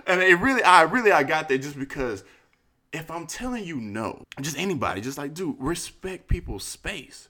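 A man hosting a podcast, telling a story in a casual, profane, animated way and acting out quotes in high voices. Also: normal speed. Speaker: podcast host.

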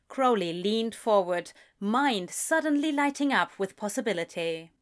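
Slow, measured woman narrator. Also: mid-range voice. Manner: calm, measured storytelling. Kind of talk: audiobook-style story narration.

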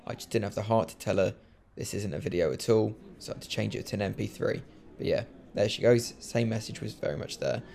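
A man's voice: fairly low pitch, steady tone, fast, gravelly, darkish tone. A man hosting a casual podcast, jokey and self-mocking as he introduces clips. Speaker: podcast host.

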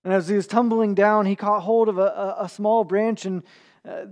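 A man's voice: sits high, steady tone, normal speed. A man preaching a sermon in an earnest, conversational way, with small restarts and repeated words. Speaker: pastor.

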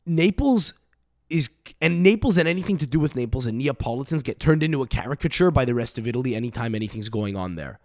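A man's voice: mid-range voice, no echo, clean studio sound. A man hosting a podcast, ranting in a rambling, profane, emphatic way, sick with a cough. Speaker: podcast host. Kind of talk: solo podcast rant.

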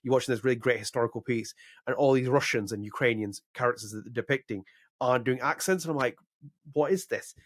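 A man's voice: medium pitch, quick pace, dry recording, clean studio sound. A man co-hosting a podcast in casual chat, rambling and opinionated, with frequent restarts. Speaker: podcast co-host.

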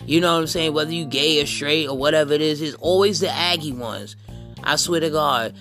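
Gravelly man ranting over faint guitar. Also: on the high side, brisk. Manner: blunt, rambling and repetitive, with crude slang. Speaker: podcast host. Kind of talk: profane comedic rant.

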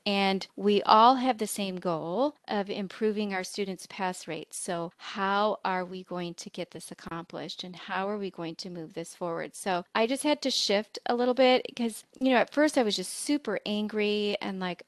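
A woman's voice: medium pitch, moderate pace, hardly any pauses, no echo. A woman nursing educator telling a candid, earnest story about her early leadership, speaking thoughtfully in an easygoing conversational way.

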